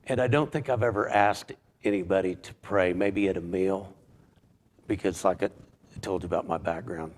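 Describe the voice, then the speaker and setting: Halting, low-voiced man giving testimony. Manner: halting, restarts and repeats words. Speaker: church member giving a testimony. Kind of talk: personal spoken testimony.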